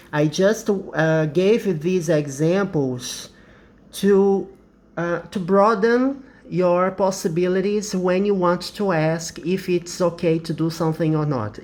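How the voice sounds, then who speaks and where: A man with a Brazilian Portuguese accent teaching an English lesson, explaining carefully and repeating example sentences. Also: high voice.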